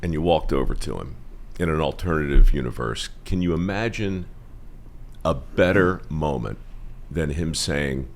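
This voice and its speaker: A man's voice: extremely low pitch, normal speed, vocal fry. A middle-aged man hosting a podcast and chatting casually with a friend in a playful, teasing way. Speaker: podcast host. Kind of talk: casual chat.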